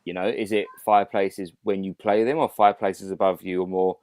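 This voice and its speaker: A man's voice: low-pitched, flat delivery, normal speed, a little mellow, clean tone, dry recording. A man co-hosting a podcast over a video call, ranting in exasperation in casual chat. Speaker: podcast co-host.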